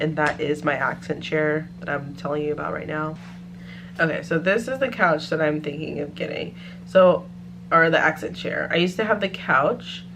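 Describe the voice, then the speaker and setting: Chatty woman vlogger, slightly low voice. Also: noisy background. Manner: chatty, thinking aloud, lots of "like" and "um". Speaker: home decor vlogger. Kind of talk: casual chat.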